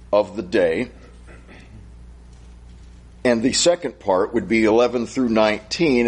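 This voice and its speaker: A man teaching a Bible study, reading scripture slowly and solemnly, then thinking aloud and asking rhetorical questions. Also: lowish voice, slightly rough.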